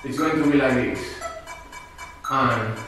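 Man teaching tango, counting out loud, slow and patient, far from the mic, big echoey room. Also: on the high side, lively intonation. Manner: counting beats aloud, checking in with okay. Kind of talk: dance class instruction. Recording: echoey room from a distance with music. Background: metronome and faint music.

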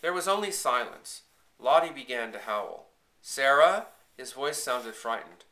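A man reading a first-person children's story aloud, in a quiet, measured and earnest way. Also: medium pitch, expressive, roomy sound. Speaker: audiobook reader.

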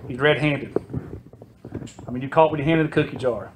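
A man's voice: mid-range voice, fairly quick, slight background noise. A man teaching a Sunday school class, reading scripture and retelling it in a chatty way, laughing often and asking the class questions. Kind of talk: casual Bible teaching.

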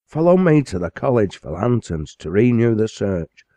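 A man's voice: fairly low pitch, sing-song, moderate pace, mellow, dry recording, voice pushed up. A man voicing an earnest male schoolmaster and librarian in a storybook reading, speaking urgently.

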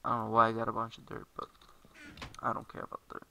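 A man's voice: on the low side, monotone, fast talker, gravelly, sharp tone, a little hiss or hum, low-quality recording. A man giving casual let's-play commentary, rambling and correcting himself as he plays at a computer. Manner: rambling, self-correcting, talks while playing. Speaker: gameplay commentator.

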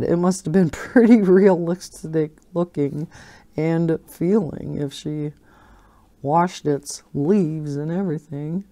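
Chatty low-voiced woman host. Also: mellow. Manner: chatty, rambling, laughs often. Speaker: coloring channel host. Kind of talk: casual chat while coloring.

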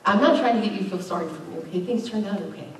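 A woman's voice: mid-range voice, rapid-fire, a little hiss or hum. A middle-aged woman pastor preaching a conversational sermon with emphatic bursts. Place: church sanctuary. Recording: very echoey, distant church recording.

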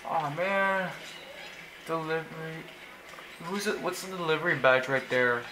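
A young man giving casual, excitable commentary while he plays a video game, often exclaiming in frustration. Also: a little high, unhurried, background noise. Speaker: gaming YouTuber.

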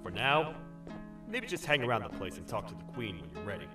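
A man's voice: on the low side, very animated, a little fast. A man with an American accent voicing a male companion character in a video game who gives plain, businesslike instructions. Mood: instructive. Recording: distant game audio with clear music.

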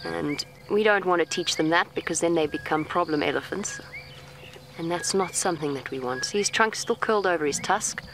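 Calm woman coaxing an elephant outdoors. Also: lowish voice, brisk. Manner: calm, coaxing, talks gently to the animal. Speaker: safari guide. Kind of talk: live commentary to viewers while coaxing an elephant. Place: outdoors in a safari vehicle in the bush. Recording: faint outdoor bush noise, insects.

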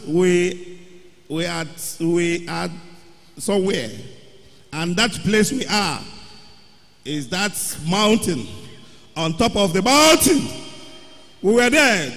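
A man telling his testimony at a worship service, with excited storytelling that rises into loud exclamations. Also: sits high, slow pace, pauses often. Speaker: church member giving testimony. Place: large church hall. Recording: long hall reverb.

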